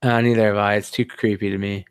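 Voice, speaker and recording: A man's voice: lowish voice, flat delivery, fast, clean tone, no room sound, clean studio sound. A man chatting on a podcast, blunt and casually profane. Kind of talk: casual chat.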